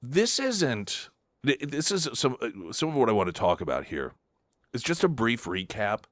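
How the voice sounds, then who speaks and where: A man's voice: deep voice, fairly bright tone, no room sound, clean studio sound. A man hosting a talk radio show, delivering an emphatic, combative political monologue with sarcastic asides.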